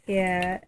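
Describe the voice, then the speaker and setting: A young woman tells a story to a webcam in a chatty, excited way, full of ums and likes. Her voice is bright and forward. A faint hiss sits under the recording. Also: mid-range voice. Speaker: vlogger. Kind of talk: casual storytelling vlog.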